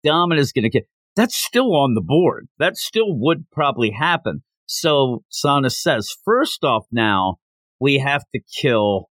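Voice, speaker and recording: A man co-hosting a casual comic book review chat, animated and jumping into mocking voices for the characters. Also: mid-range voice, slow, dry recording. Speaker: podcast co-host.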